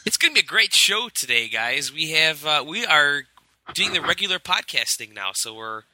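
A man's voice: on the high side, big pitch swings, moderate pace, pushed and bright, slight background noise, poor audio. A man hosting a casual gaming podcast over an online call while sick and congested, joking loosely and crudely. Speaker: podcast host.

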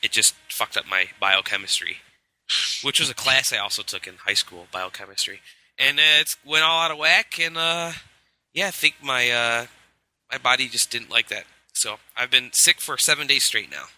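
A man's voice: mid-range voice, normal speed, pushed and bright, poor audio. A man hosting a casual gaming podcast over an online call while sick and congested, joking loosely and crudely. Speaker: podcast host.

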